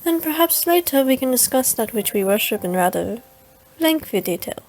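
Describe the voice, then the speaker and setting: Woman reading as a sultry game priestess in an odd put-on accent, slow and theatrical, a little high. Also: animated, a little mellow, rough recording. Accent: put-on foreign accent. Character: scheming sultry woman priestess, smooth and flirtatious.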